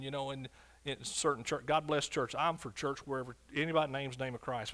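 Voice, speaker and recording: A man preaching a fervent sermon as pastor, swinging from loud shouts to quiet, low asides.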